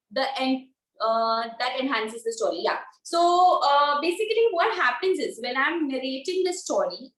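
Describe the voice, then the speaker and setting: A woman's voice: high voice, a bit bright, reverberant, poor audio. A young woman leading a storytelling workshop over a video call, explaining things step by step and repeating her key points. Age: young adult. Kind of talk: teaching a workshop.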